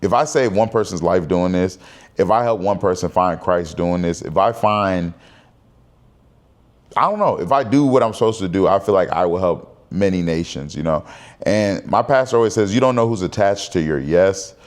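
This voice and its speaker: A man's voice: low voice, normal speed. A man in his thirties talking candidly to camera in a casual personal vlog, rambling and conversational. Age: 30s. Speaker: vlogger.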